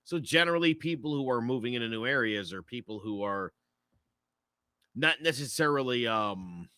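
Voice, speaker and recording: American male co-host, bright tone, animated swings in pitch, joking and opinionated. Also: normal speed, clear, resonant tone, dry recording. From United States. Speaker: podcast co-host. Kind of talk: casual chat.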